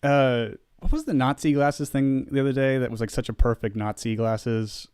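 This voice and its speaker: A man's voice: mid-range voice, fairly even intonation, normal speed, a little mellow, clean tone, dry recording, clean studio sound. A young man co-hosting a podcast, talking casually in a sarcastic, joking, rambling way. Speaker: podcast co-host. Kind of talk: casual chat.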